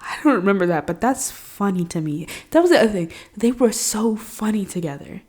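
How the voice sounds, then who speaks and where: A woman hosting her own podcast, talking casually and animatedly, full of slang with big jumps in pitch and loudness. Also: lively intonation, fairly quick. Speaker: podcast host. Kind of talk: casual solo podcast talk.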